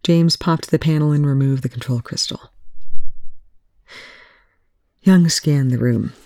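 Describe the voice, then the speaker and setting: A reader narrating fan fiction aloud in a steady, even manner with a gravelly voice. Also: medium pitch, dry recording, studio quality. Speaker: audiobook reader.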